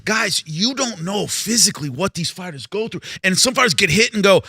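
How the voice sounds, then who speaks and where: A man's voice: high voice, animated, fairly quick, pushed and bright, husky, no echo, studio quality. A man hosting a boxing panel show, telling stories and acting out quoted voices, with some stammered restarts. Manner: storytelling, acts out quoted voices. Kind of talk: animated panel chat.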